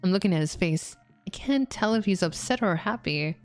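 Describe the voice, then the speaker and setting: A woman's voice: mid-range voice, animated, moderate pace, soft background music. A woman streamer giving playful, giggly gameplay commentary and reading game dialogue aloud. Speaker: VTuber streamer.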